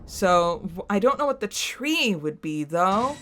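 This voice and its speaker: Young female let's-play host, exasperated and rambling, drawn-out delivery, soft music bed. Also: mid-range voice, very animated. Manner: exasperated, self-scolding outbursts and rambling theorizing. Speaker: gaming YouTuber playing through a game.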